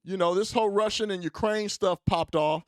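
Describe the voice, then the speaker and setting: A man's voice: sits high, a little fast, no room sound. A man hosting a commentary show, talking in a rambling, casual way with lots of fillers and speaking straight to his listeners. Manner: rambling, filler-heavy, addresses listeners directly. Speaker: commentary channel host.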